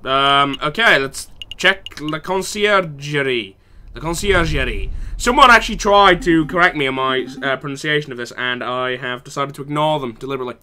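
A man's voice: a little high, normal speed, bright, forceful tone, slight background noise. A young man in university playing a video game, reading the dialogue aloud and mocking the characters with sarcastic, profane remarks. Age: young adult. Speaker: let's play gamer.

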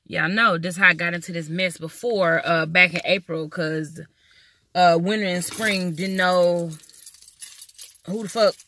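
A woman's voice: lowish voice, fairly even intonation, unhurried, sharp tone. A woman vlogging in her car on a phone, chatting straight to her viewers in a loose, swearing, casual way. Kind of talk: casual vlog chat. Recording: noisy in-car phone recording. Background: car and road noise.

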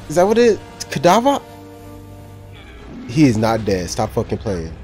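A man's voice: medium pitch, huge pitch swings, moderate pace, long pauses, dark tone, soft background music. Laid-back man cursing through a movie reaction. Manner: loose, profane slang, laughs often. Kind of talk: casual movie reaction commentary.

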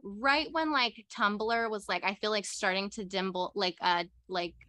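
A young woman co-hosting a podcast, telling a story in a rambling, excitable way and filling her talk with "like". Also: mid-range voice, unhurried, no echo. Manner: rambling and excitable, heavy use of "like". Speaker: podcast co-host. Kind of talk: casual storytelling chat.

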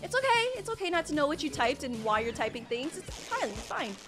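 A woman's voice: high voice, very animated, fast. A young woman streaming a game live, panicking, exclaiming and pleading with the game as she plays. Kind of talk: live gameplay commentary. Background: game music.

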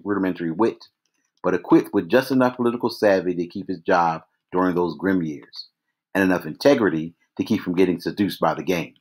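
A man reading a novel aloud at a measured pace, now and then restarting a phrase. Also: low-pitched. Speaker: reader. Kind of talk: read-aloud novel narration.

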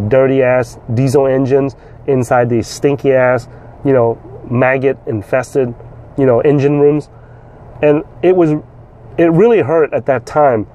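A man's voice: medium pitch, warm tone. Earnest middle-aged man from Vietnam. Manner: earnest, repeats words, salty language. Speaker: host. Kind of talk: casual storytelling.

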